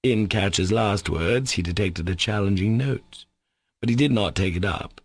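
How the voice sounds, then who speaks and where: A low-pitched man reads a classic novel aloud at a measured pace. His voice carries heavy fry and a husky grain. The recording is close and completely dry. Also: no room sound. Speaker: audiobook narrator. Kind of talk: scripted narration.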